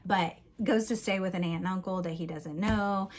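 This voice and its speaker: Woman book vlogger, casual and chatty, laughs easily, slightly low voice. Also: steady tone, normal speed. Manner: chatty and giggly, recapping plots with many "like"s. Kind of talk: casual book review chat.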